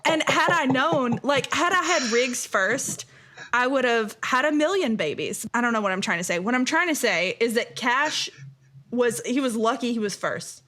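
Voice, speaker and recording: A woman in her thirties hosting a podcast, telling parenting stories in a casual, animated way with plenty of laughter and fillers. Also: on the high side, moderate pace. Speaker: podcast host. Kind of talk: casual chat.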